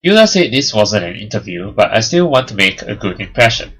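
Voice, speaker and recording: A man's voice: fairly low pitch, sing-song, fairly quick, a bit bright, husky, rough recording. A young man hosting a let's play, reading the narration aloud and adding joking, sarcastic asides.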